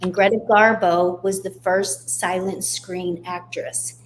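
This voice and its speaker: A woman guest on a radio interview, telling her life story in a candid, steady way. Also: lowish voice, slow pace, slight background noise. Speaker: guest author.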